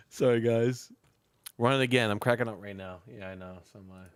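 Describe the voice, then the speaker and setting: A man's voice: mid-range voice, normal speed, clear, resonant tone, dry recording, studio quality. A man hosting a casual live stream about pet snakes, talking loosely with a guest and his chat, laughing often and swearing freely.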